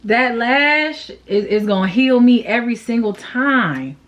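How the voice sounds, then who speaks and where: Venting between steps, a makeup vlogger chats candidly and in slang during her tutorial, openly sad and emotional. She sounds a little high, animated, bright, and unhurried. The recording has its high frequencies cut off.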